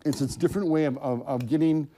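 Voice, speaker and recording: Guy in his 60s, guest chef on tv, stumbly and repeats himself a lot, warm mellow voice. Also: fairly high pitch. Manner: halting, repeats words, many fillers. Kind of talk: casual cooking demo chat.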